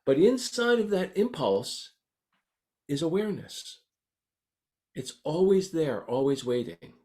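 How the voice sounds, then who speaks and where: A man teaching meditation in a gentle, unhurried, conversational dharma talk. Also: a little high, very animated.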